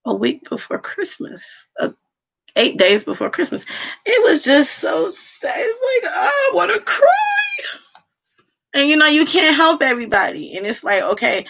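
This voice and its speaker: A woman's voice: medium pitch, a bit bright. A woman talking candidly and at length to her viewers from home, rambling and heartfelt. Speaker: vlogger. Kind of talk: casual monologue to viewers. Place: at home indoors.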